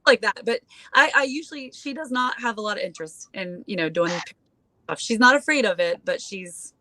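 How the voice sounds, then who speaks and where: A woman in her forties chats through a story as a guest, breaking into little acted voices and filling gaps with easy fillers. Her voice sits a little high. The sound is dry and close with no room around it. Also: animated, a little fast, bright, forceful tone, no echo. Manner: chatty, acts out quoted voices, many fillers. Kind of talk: casual anecdote telling.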